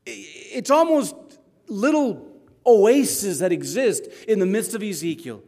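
A man preaching a sermon dramatically, dropping to a hush and then rising loud, and arguing with imagined listeners. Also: high voice, expressive, takes it slowly. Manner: dramatic, swings between hushed and loud. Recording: long hall reverb.

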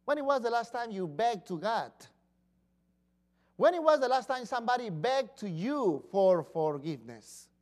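Male pastor, lively sermon delivery, acts out pleas in voices, wide pitch swings.

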